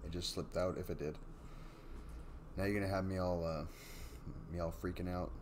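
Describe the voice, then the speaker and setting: Brief: casual stream host, low voice, rambling and apologetic. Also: male voice, fairly even intonation, normal speed, noisy background. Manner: rambling and apologetic, with many fillers. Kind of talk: casual live stream chat and story reading.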